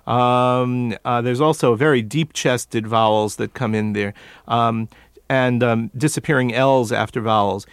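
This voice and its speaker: A man, a dialect coach interviewed as a guest, who demonstrates accents by repeating words in a measured way. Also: mid-range voice, clean tone, no echo.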